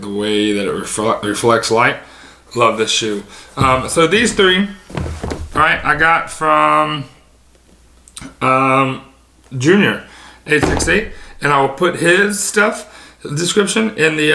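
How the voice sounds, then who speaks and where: Gravelly, bright-voiced man rambling through sneakers. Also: medium pitch, echoey room, slight background noise. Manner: rambling, many filler ums; casual, swears offhand. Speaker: sneaker collector vlogger. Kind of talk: casual show-and-tell.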